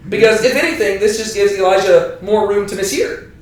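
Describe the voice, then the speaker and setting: A man's voice: sits high, brisk. A man leading a Bible study with a small group in a room, joking, laughing often and checking in with "right?". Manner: playful, laughs often, keeps asking "right?". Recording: echoey room from far off.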